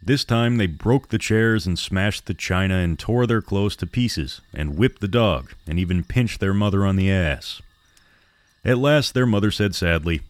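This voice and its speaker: Deep-voiced man narrating a horror tale. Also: measured pace, no echo. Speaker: podcast narrator.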